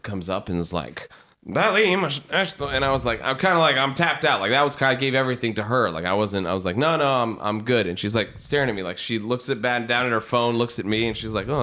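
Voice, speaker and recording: A man on a podcast, telling anecdotes in animated, profane style and acting out the people in them. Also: fairly low pitch. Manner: animated, profane, does voices when telling stories. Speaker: podcast guest. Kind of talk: casual storytelling.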